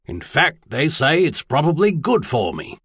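Casting: male narrator doing a dry-humored older spymaster, husky and lively in pitch, audiobook. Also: measured pace, dry recording, full character voice. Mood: wry. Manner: wry, probing questions. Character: older male spymaster baron, wry and shrewd.

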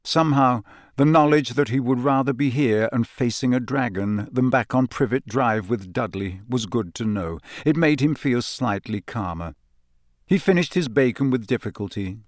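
A man's voice: medium pitch, no room sound. Man narrating an audiobook, dry and close. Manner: steady, measured storytelling. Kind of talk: scripted narration.

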